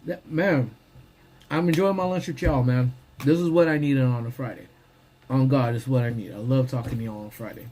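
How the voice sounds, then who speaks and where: A man casually chatting on a live stream from his parked car during lunch, slangy and relaxed, greeting viewers as he eats. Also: mid-range voice, fairly quick, slight background noise. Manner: laid-back, slangy, greets viewers by name. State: talking while eating.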